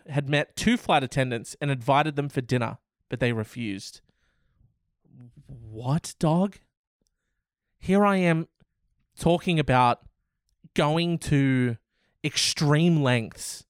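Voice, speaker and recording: A man's voice: mid-range voice, clear, resonant tone, no echo, clean studio sound. A man reading odd news stories aloud and mocking them with sarcastic, rambling asides and swearing. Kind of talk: comedic news commentary.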